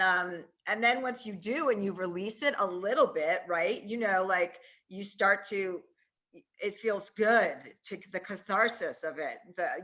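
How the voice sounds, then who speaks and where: A woman's voice: medium pitch, fairly bright tone. A woman in her forties, a comedian guest, talking candidly in a casual interview, full of "you know" and "like" as she thinks aloud. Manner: candid, fast-moving, heavy use of fillers like "you know". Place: remote, on a call from a ski trip.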